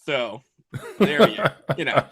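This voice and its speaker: A man's voice: medium pitch, big pitch swings, takes it slowly, a loud crowd. A man co-hosting a podcast, dropping jokey asides in crude comedic banter. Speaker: podcast co-host.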